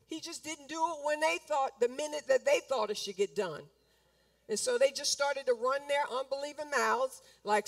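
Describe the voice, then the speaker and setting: A woman's voice: sits high, a bit bright, no room sound. A woman pastor preaching a sermon, emphatic and repetitive, sometimes acting out complaints in quoted voices. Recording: speaking from a distance from the mic.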